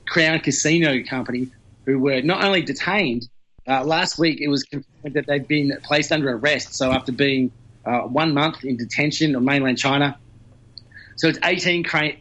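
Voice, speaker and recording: A man's voice: on the high side, sharp tone, lo-fi sound. A man giving conversational news commentary on the radio, explaining at length with many fillers.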